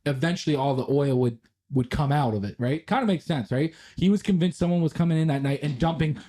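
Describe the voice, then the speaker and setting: A man's voice: on the high side, fast. A young man co-hosting a podcast, telling rambling workplace stories with lots of swearing and acted-out quotes. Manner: animated, swearing, acts out quotes. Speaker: podcast co-host. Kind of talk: casual storytelling chat.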